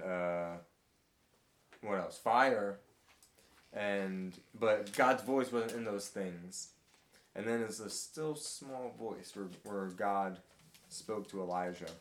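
A man leading a casual Bible study discussion, talking in a halting way with many fillers and restarts. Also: fairly low pitch, reverberant, slight background noise. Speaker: group study leader.

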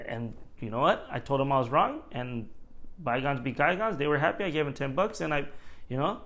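A man's voice: mid-range voice, animated, a little fast, fairly bright tone. A man who works as a store manager, venting in a casual monologue, rambling, swearing often and laughing at himself.

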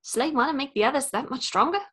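A woman doing an impression of a gentle male rock creature with a New Zealand accent, talking in a slow, mild, rambling way. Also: high-pitched. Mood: mild chatty.

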